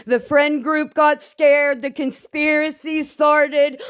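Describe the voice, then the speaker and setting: A woman's voice: high-pitched, steady tone, slow, few pauses, fairly bright tone. A woman on a livestream, ranting in a profane and exasperated way about a falling-out. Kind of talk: angry livestream rant.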